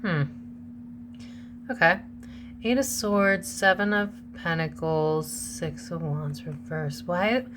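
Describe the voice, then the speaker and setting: A woman's voice: lowish voice, slow, pauses often, background noise. A young woman hosting a casual tarot reading, chatty and gossipy, calling her viewers besties. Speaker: tarot reader and channel host.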